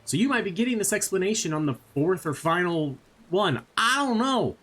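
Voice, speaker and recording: A man casually commenting over his own gameplay, rambling and self-deprecating as he thinks out loud. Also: high voice, very animated, normal speed, husky. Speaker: gaming channel host.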